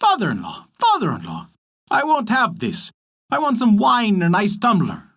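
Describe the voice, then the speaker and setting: A man voicing a demanding, croaking male frog in a storybook tale, with whiny, insistent demands. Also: sits high, wildly swooping pitch, normal speed, pushed and bright, voice pushed up, heavily acted.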